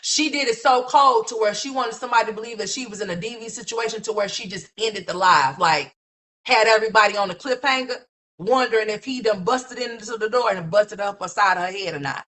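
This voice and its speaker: A woman's voice: medium pitch, fairly quick, a bit bright. Blunt, cursing woman livestream host. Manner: blunt, mocking, swears constantly, rhetorical questions. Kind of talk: profane gossip commentary rant.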